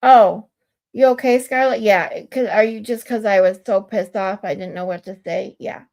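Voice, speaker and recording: A woman's voice: mid-range voice, steady tone, moderate pace, creaky, a little mellow. A woman hosting a casual live stream, talking bluntly and swearing freely, often restarting her sentences as she reads text messages aloud to her chat. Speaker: livestream host.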